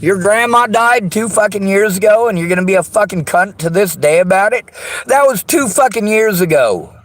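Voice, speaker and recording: A man in an angry personal vlog rant. He talks in a bitter, accusing way, swears constantly and often shouts. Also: sits high, animated, moderate pace, no room sound. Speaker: vlogger.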